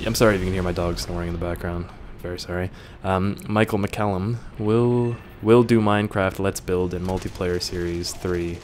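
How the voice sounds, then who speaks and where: A man's voice: low voice, a little hiss or hum. A young man reading viewer questions aloud and answering them in a casual, joking way, swearing now and then.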